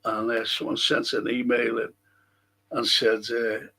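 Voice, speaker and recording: Gravelly-voiced Scouse man. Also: mid-range voice, level tone, a little slow, sharp tone. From Liverpool, England. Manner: rambling, chatty, swears a lot. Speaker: host. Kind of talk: casual film review chat.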